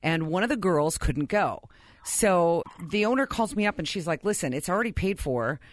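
A woman's voice: on the low side, animated, moderate pace, dry recording. A woman co-hosting a radio show, telling a story casually with frequent laughs.

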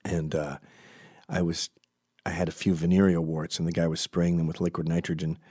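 A man's voice: low voice, little pitch movement, normal speed, mellow, slightly rough. A man rambling through a crude, digressive comic monologue, often breaking off to correct himself. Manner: crude, digressive, self-interrupting.

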